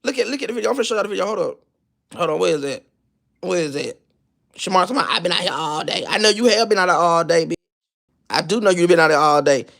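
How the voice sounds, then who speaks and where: A man's voice: high voice, expressive, fast, creaky, long pauses, a bit bright. A man hosting a gossip channel, delivering a blunt, profane, mocking rant that loops back on its own phrases. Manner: repeats and restarts phrases while searching for a video. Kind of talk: ranting gossip commentary.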